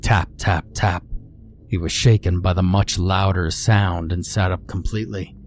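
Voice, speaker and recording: A man narrating a scripted horror story in a slow, measured, brooding way. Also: low-pitched, steady tone, soft background music.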